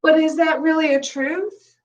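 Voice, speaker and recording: High-voiced woman teaching meditation, a bit off-mic. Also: fairly even intonation, measured pace, distant mic, low-quality recording. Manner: gentle, conversational, with soft laughs and restarts.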